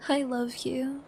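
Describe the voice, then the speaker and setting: A young woman acts out a bashful, smitten girlfriend in a whispered role-play, her high voice drifting in and out of breathy whispers. She giggles between thoughts and babbles tenderly, and she takes her time with every word. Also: slight background noise, full character voice. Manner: giggly, babbling, soft and affectionate. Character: shy giggly young woman, newly in love.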